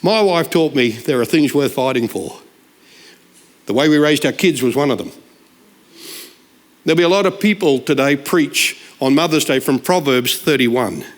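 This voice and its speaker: A man's voice: medium pitch, normal speed, long pauses. A man, preaching a humorous sermon full of stories and punchlines. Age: 60s. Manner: jokey, animated, shouts punchlines. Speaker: guest preacher.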